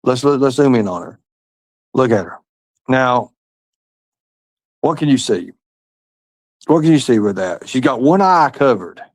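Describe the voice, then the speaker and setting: A man's voice: medium pitch, expressive, unhurried, pauses often, dry recording. A man hosting a livestream, reading chat and talking in a rambling, profane, repetitive way. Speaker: livestream host.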